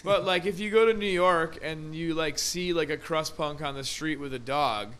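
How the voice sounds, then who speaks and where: American man, slightly high bright voice, casual podcast chat, swears a lot, rambly. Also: moderate pace, clean tone. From United States. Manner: rambling, heavy use of "like" and swearing.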